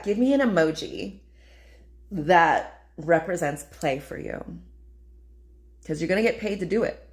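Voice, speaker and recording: A young woman talking casually and playfully in a spiritual vlog, full of fillers and calling listeners "babe". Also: low-pitched. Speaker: spiritual vlogger.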